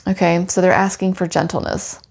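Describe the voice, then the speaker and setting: Soft-spoken woman with a gravelly low voice. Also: steady tone, brisk. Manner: soft, soothing, with frequent "you know" fillers. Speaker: tarot pet reader. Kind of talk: casual tarot reading monologue.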